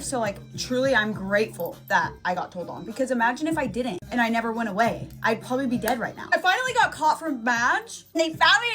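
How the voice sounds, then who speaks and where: A woman in her thirties rattles through a storytime at high speed, swearing freely and peppering every sentence with "like". Her voice sits high and swings widely as she tells it. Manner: fast, profane, animated retelling with lots of "like". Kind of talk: casual storytime.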